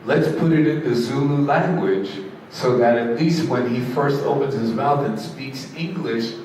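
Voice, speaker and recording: A man at a mid pitch spins a long, lively anecdote as a guest onstage. His voice comes from far off, swimming in heavy hall reverb, with a crowd and some noise underneath. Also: measured pace, hardly any pauses. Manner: long-winded, animated anecdote-telling. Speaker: interview guest, musician. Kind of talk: onstage storytelling interview. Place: conference stage before an audience. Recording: echoey hall, distant mic, crowd and noise.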